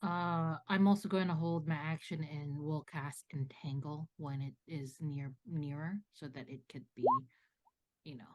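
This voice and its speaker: Deep-voiced woman playing a tabletop game. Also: steady tone, unhurried, darkish tone. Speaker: player.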